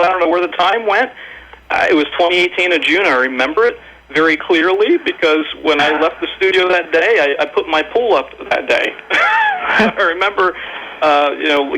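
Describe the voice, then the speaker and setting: A man's voice: a little high, normal speed, bright, forceful tone, slight background noise, rough recording. A man co-hosting a radio show in casual chat, upbeat and friendly, laughing along with the jokes. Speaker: radio co-host.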